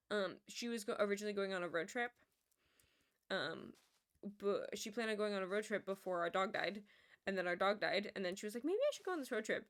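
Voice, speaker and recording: Young woman streamer rambling along, laughs at herself a lot, middle pitch. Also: creaky, fairly bright tone. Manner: rambling, self-amused storytelling with frequent laughs. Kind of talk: casual stream chat.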